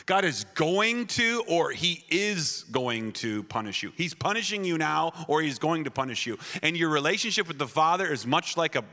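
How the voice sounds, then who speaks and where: Playful preacher from Wisconsin, bright, a bit high, reverb of a church hall. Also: male voice. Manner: playful, shifting from jokes to earnest preaching. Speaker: pastor. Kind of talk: comedic sermon storytelling. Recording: echoey hall.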